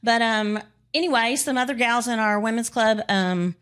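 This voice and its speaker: A woman's voice: on the high side, normal speed, a bit bright, clear, resonant tone. A woman in her fifties from Texas, chatting as an interview guest, laughing often and teasing herself. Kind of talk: casual interview chat.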